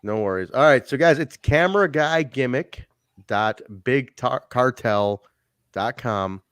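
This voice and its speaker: A man co-hosting a casual podcast chat, animated, swearing and laughing often. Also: medium pitch, unhurried, smooth, no room sound. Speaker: podcast co-host. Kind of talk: casual chat reviewing wrestling.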